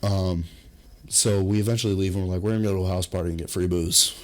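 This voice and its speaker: A young man co-hosting a laid-back podcast tells a meandering party tale at a quick pace in a very low voice. Cursing freely and tossing in deadpan jokes, he repeatedly jumps up into high, loud impressions of what people said.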